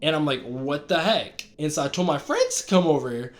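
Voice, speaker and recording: Excitable, rambling man with a higher voice. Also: fast. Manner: rambling and excitable, many fillers and restarts. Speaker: vlogger. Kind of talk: casual storytelling, recounting dreams.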